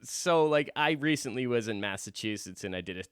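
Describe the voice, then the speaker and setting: A man's voice: medium pitch, expressive, fairly quick, a bit bright, slight background noise. A man co-hosting a podcast, talking loosely and profanely and laughing often. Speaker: podcast co-host. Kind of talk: casual chat.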